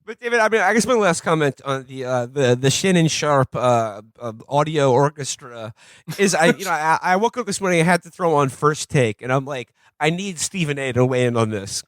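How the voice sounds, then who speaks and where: A man with a high voice jokes on a comedy podcast, laughing and breaking into loud mock impressions. The sound is dry and close. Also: lively intonation, brisk, no room sound. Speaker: podcast co-host. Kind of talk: casual comedic podcast banter.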